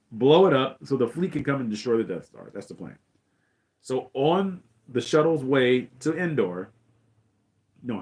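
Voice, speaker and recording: A middle-aged male host talks through a film scene by scene. His voice sits at an ordinary pitch, and he rambles eagerly with lots of fillers. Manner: excited, rambling retelling with many fillers. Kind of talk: casual film recap commentary.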